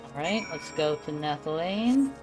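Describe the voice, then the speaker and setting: A woman's voice: sits low, lively intonation, measured pace, over music. Chatty woman streaming a game. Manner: chatty, self-amused. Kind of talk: casual gameplay commentary.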